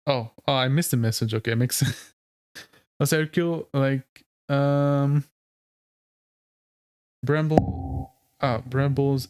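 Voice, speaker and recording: A male streamer talks loosely with his viewers at a middling pitch. He rambles, leans hard on filler words and laughs often. The mic is close and the sound is dry, with no room echo. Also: a little mellow. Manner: rambling, heavy use of "like", frequent laughs. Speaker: streamer and lore video creator. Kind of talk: casual live-stream chat.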